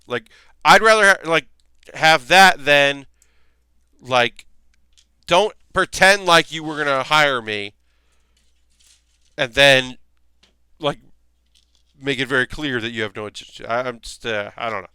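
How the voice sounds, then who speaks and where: A man's voice: on the high side, lively intonation, a little slow, pauses often, pushed and bright, smooth, dry recording. A man hosting a livestream, chatting casually and rambling, acting out what other people say in a raised voice. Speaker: streamer host.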